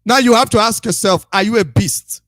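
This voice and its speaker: High, bright-voiced preaching man. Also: a little fast, no room sound, studio quality. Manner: repetitive, emphatic, scolding. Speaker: radio broadcaster. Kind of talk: preaching monologue.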